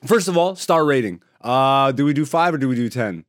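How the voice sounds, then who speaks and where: A man co-hosting a podcast in casual chat, laughing loudly and often, swearing freely and telling animated stories. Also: medium pitch, a little fast, dry recording, studio quality. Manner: loud, frequent laughter, profane banter; animated storyteller. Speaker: podcast co-host.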